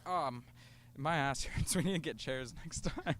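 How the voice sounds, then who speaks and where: A man's voice: fairly high pitch, measured pace, fairly bright tone, slight background noise. A young man co-hosting a casual podcast on a rooftop, telling stories in a laid-back way with swearing and laughter. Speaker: podcast co-host. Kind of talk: casual storytelling chat. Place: outdoors on a rooftop.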